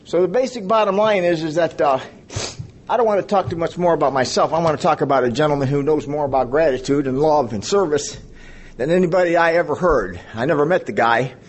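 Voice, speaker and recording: Man, fifties, slightly raised pitch; rambling, joking testimony at a recovery meeting. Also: fairly quick. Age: 50s. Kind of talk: personal testimony to an audience.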